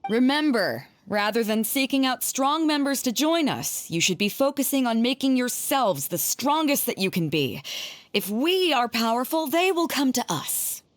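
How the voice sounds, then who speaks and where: An actress playing a bold, confident female pirate captain who speaks in a commanding, low, steady way in a video game. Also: normal speed.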